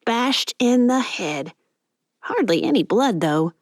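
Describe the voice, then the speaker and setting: A woman's voice: on the high side, lively intonation, slow pace, no echo, clean studio sound, voice pushed up. A woman voicing a chatty young male elevator attendant in an audiobook, folksy and gossipy.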